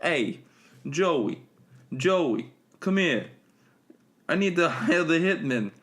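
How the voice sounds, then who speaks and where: A man putting on a brash, hoarse mob gangster. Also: fairly high pitch, expressive, takes it slowly, a bit bright, pitched above the performer's own voice.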